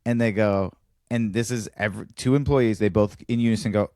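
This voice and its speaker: Male podcast co-host, low-pitched, animated stand-up storytelling, dry studio mic. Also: a little fast, smooth, no room sound. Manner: animated storyteller, acts out dialogue with big pitch jumps. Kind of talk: casual chat, telling a stand-up bit.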